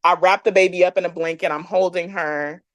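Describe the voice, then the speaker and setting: A woman guest on a podcast telling a personal story in a candid, animated way, often laughing and using fillers. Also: fairly low pitch, a little fast, dry recording. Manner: candid, animated, acts out others' lines; frequent fillers, laughs between lines.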